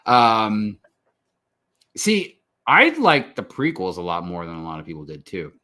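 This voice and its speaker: A laid-back man with a somewhat low voice, guesting on a casual podcast. He rambles and hedges, correcting himself and swearing offhandedly. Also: lively intonation, slow pace, pauses often, sharp tone.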